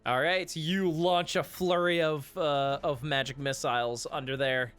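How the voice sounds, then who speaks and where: A game master narrating a tabletop game in a relaxed way, laughing into the narration. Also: medium pitch, a little slow, clean tone, faint music behind.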